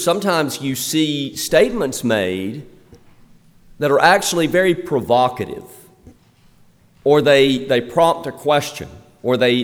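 Man preaching in a reverberant sanctuary. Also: mid-range voice. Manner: conversational, emphatic preaching with slow, stressed scripture reading. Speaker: pastor. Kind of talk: sermon. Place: church sanctuary.

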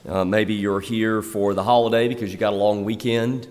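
A male pastor preaching a sermon, chatty with the congregation and emphatic on key points, slowing down to stress the scripture he reads. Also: on the low side, little pitch movement, a little mellow, big-room sound. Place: church sanctuary.

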